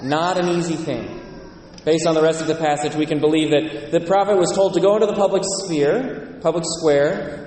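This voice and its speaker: A man's voice: fairly high pitch, dark tone. A male priest giving an earnest, conversational sermon in a large church. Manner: earnest, conversational preaching with quoted voices. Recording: echoey church, distant mic.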